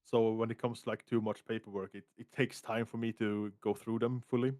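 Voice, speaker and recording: A man's voice: fairly low pitch, flat delivery, a little fast, darkish tone, dry recording, studio quality. A man as a guest in a casual podcast chat, hesitant and searching for words. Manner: hesitant, many fillers and restarts.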